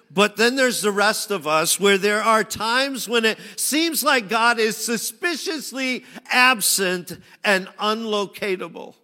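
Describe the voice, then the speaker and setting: A man preaching a sermon, shifting from loud pleading cries to hushed, low phrases. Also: big-room sound. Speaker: pastor.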